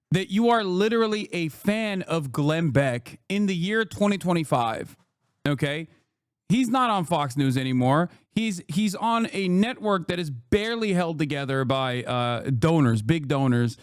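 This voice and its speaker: A man's voice: on the high side, dry recording, studio quality. Profane, mocking male streamer. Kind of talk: live-stream reaction commentary.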